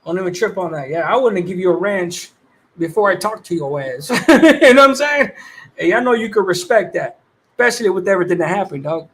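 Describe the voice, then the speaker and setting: A man with a fairly high voice chats on a casual livestream. He talks in loose, laid-back slang, swears freely and greets viewers one by one. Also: fast talker. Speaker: livestream host.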